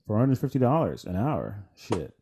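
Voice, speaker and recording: A young man co-hosting a podcast in relaxed conversation. His voice sits a little low, and he talks in a loose, laid-back way, swearing and laughing as he goes. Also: normal speed, a little hiss or hum. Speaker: podcast co-host. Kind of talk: casual chat.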